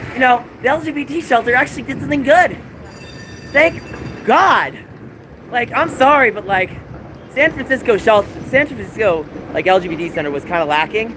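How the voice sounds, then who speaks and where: Streamer, male, high voice, anxious pleading rants, phone audio with loud traffic behind. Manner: distressed, pleading rants to chat. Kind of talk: live-stream vlog talking to chat. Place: outdoors on city streets.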